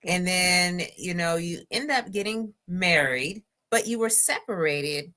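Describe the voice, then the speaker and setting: A woman in her forties hosts a relaxed interview, speaking slowly and talking straight to her audience. Her voice is bright but sits fairly low. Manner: relaxed, speaks to listeners as "y'all". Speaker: podcast host. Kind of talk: casual interview chat.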